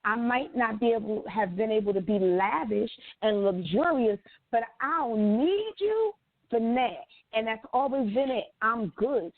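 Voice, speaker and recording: A woman co-hosting a casual talk show, blunt and animated and swearing freely. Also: a little high, unhurried, dry recording. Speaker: co-host. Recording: dry tinny phone-like sound.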